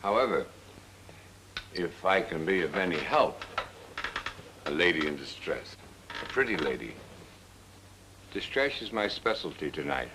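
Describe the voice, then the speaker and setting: An actor playing a weary married prosecutor who is drunk, talking in a wry, sarcastic 1940s film style. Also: male voice, deep voice, sing-song, measured pace, long pauses, background noise, heavily acted. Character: weary married male prosecutor, sardonic flirt. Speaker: assistant district attorney.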